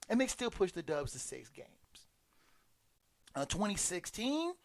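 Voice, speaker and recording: A man's voice: sits high, big pitch swings, measured pace, vocal fry, pauses often. A man delivering a sarcastic, emphatic sports commentary monologue, stumbling and restarting often.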